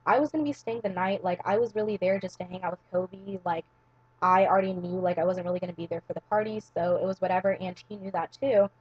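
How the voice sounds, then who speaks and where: Husky-voiced young woman rambling. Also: lowish voice, fast, no echo, dull audio. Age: young adult. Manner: rambling, heavy use of "like" and "um". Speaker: vlogger. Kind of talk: casual storytelling to camera.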